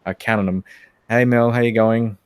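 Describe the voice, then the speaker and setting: A man's voice: medium pitch, fairly even intonation, normal speed, clear, resonant tone, dry recording. A man with an Australian accent co-hosting a casual livestream, greeting viewers by name and swearing playfully. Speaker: livestream co-host.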